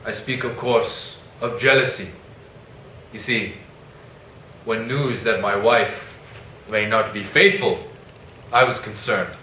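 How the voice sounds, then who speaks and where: A man's voice: on the low side, steady tone, slow pace, pauses often, sharp tone, a little hiss or hum. A man playing Othello as a casual, rambling modern guy in a parody skit, telling his story with slang. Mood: troubled. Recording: echoey room, mic at a distance.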